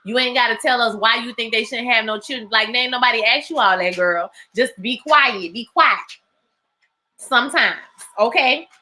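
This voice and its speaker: Woman, live TV recap host, bright voice, slightly high, animated storytelling, slangy, acts out lines. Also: normal speed. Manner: laughs often, slangy and loud.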